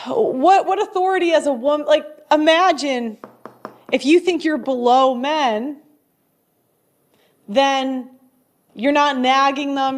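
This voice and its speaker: With a high voice, the host of her own show, a young adult woman, delivers casual, blunt, opinionated commentary, frequently laughing and starting her sentences over.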